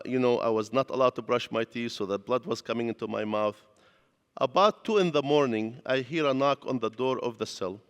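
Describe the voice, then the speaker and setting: A man's voice: medium pitch, clear, resonant tone. Man preaching in a reverberant church. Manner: earnest storytelling, non-native grammar. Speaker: pastor giving a lecture. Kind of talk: personal testimony sermon. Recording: long hall reverb.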